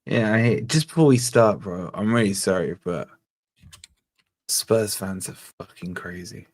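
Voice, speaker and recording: A man's voice: fairly low pitch, a little slow. A young man hosting a casual football fan chat, telling rambling stories and swearing freely. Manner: animated, rambling storyteller who swears. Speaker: host of a football fan channel.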